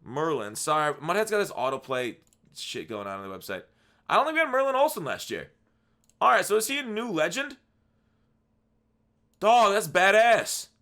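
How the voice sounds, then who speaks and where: A man's voice: fairly high pitch, very animated, brisk, sharp tone. A tired man giving casual, rambling commentary on a video game, with frequent restarts and asides. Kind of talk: casual commentary over gameplay.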